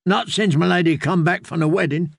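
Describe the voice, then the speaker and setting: A man's voice: high voice, brisk, no room sound, clean studio sound, voice pushed up, exaggerated voice. A man playing a hard-edged outlaw girl. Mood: blunt. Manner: blunt, rough country grammar. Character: rough teenage girl outlaw, hard and blunt. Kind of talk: audiobook character voice.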